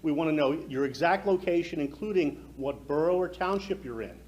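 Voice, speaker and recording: A man's voice: a little high, expressive, brisk, darkish tone, highs cut off. Talkative official presenting to a crowd, man, heard from afar over background noise. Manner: talkative, emphatic explainer. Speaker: county emergency services director. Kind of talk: public presentation to an audience. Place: community event hall. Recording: echoey hall from far off, noisy.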